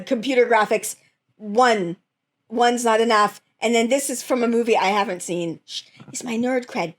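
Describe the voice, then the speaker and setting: A woman hosting a casual reaction chat about fan memes, talking animatedly and often breaking into laughter. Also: a little high. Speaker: host reviewing fan memes.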